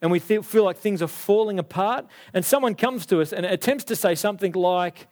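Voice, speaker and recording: A young adult man preaching a sermon, animated and acting out the voices of biblical figures. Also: high-pitched, a little fast.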